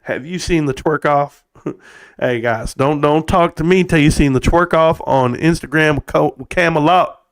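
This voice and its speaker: A man in middle age talks casually to his livestream viewers, joking and laughing with a slightly raised voice. He slips into silly bits and swears freely. When he tells a personal story, he lowers his voice and speaks more quietly. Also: moderate pace, clean tone. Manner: goofy, laughing, swearing, bursts of put-on voices. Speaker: livestream host.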